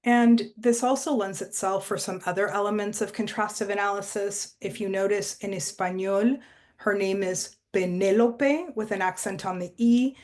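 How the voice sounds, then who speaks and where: A woman presenting a teacher training workshop, explaining steps in a measured way with frequent fillers. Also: medium pitch, steady tone, darkish tone.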